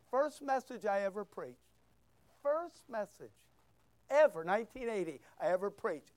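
An older man in his sixties preaching a sermon, swinging from loud shouts down to near-whispers and repeating words for emphasis. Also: high-pitched, expressive, measured pace, long pauses, smooth, no room sound. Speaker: pastor.

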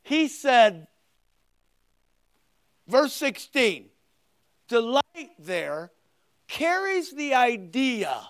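An older man preaching a sermon, swinging between loud emphatic points and quiet conversational asides. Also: very high-pitched, very animated, drawn-out words, pauses often. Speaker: pastor.

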